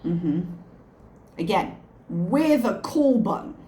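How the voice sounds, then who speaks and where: A woman's voice: on the low side, animated, slow pace, warm tone, a little hiss or hum. A woman hosting a reaction channel, giving sarcastic and disbelieving commentary on a video. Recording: roomy echo.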